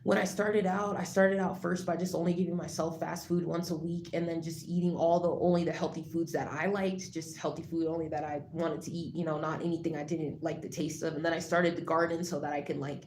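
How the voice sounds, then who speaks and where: Lowish-voiced woman vlogger rambling at the camera, lots of ums, echoey room with a faint hiss. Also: flat delivery, fairly quick, few pauses. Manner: rambling, many fillers and restarts, grows loud and heated when ranting. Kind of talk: casual monologue to camera.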